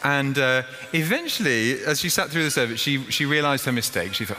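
A man preaching a lively sermon, acting out a story in a playful, animated way. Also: medium pitch, brisk. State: out of breath. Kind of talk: lively sermon with acted demonstration. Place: church hall. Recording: echoey hall with faint noise.

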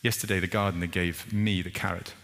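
A man voicing a wise, generous king in a told parable, speaking calmly and with measure. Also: low voice, fairly quick, big-room sound, pitched below the performer's own voice.

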